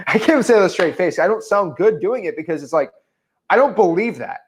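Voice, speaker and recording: A young man coaching real estate in a relaxed, animated way, often acting out both sides of a conversation. His voice sits slightly high, with very lively pitch. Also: fast talker. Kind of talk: casual teaching talk.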